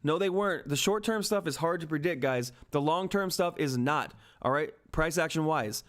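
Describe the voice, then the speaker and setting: A man hosting a live stock market stream, talking excitedly and emphatically to his chat from home, repeating himself for emphasis. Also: fairly high pitch, normal speed. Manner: hyped, repetitive, emphatic, swears mildly. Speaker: stock market livestream host.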